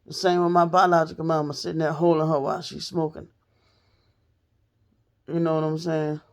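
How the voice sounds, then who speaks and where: Gravelly, blunt woman telling a story. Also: sits low, little pitch movement, moderate pace. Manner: blunt and profane, talks straight to viewers. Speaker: storytelling vlogger. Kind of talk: casual storytime monologue.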